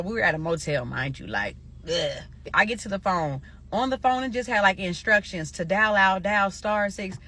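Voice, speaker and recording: A young woman from Nebraska telling a story to her viewers in a casual, animated, profane way. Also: lowish voice, slight background noise. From Omaha, Nebraska.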